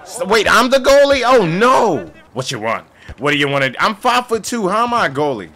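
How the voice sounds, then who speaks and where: Excitable young man trash-talking a game. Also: high-pitched, fairly quick. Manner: joking, trash-talking, erratic outbursts. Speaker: gaming YouTuber. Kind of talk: playing a soccer game and commentating.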